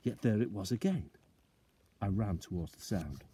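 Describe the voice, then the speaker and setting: A male teacher reading a children's book aloud, expressive and slowing down for suspense. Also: lowish voice, slight background noise.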